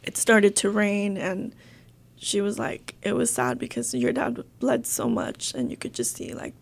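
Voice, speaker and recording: Young woman with a gravelly voice. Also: medium pitch, very animated. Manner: halting, emotional, many fillers and restarts. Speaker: interviewee. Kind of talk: personal testimony in an interview.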